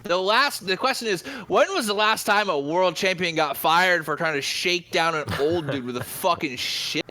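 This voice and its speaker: A man in his thirties from Northern California, co-hosting a podcast with an excitable, slangy, heavily profane comedic rant. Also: high-pitched, moderate pace, hardly any pauses. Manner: excitable, swears a lot, slangy storytelling. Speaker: podcast co-host.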